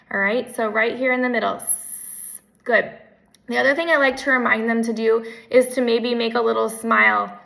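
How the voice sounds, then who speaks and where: Woman speech therapist, home lesson, gentle repeating cues, slightly gravelly, bright tone. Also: on the high side, low-quality recording. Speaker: speech language pathologist.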